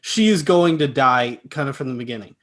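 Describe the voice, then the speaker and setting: A young man co-hosting a podcast, calmly recapping film scenes in a matter-of-fact way. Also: mid-range voice, fairly quick. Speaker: podcast co-host. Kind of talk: casual film review chat.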